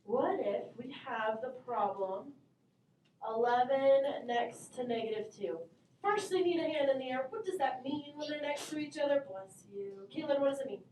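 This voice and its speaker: A woman's voice: high voice, animated, normal speed, darkish tone, slight background noise. A woman math teacher teaching her class, upbeat and encouraging, calling on students by name. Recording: echoey classroom from far off.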